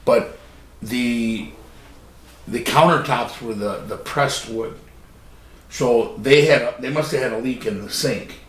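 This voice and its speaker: A man's voice: medium pitch, slow, pauses often, distant mic. A man in casual podcast chat, telling a story in a laid-back, rambling way. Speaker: podcast co-host. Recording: gravelly voice in an echoey room, off mic, faint noise.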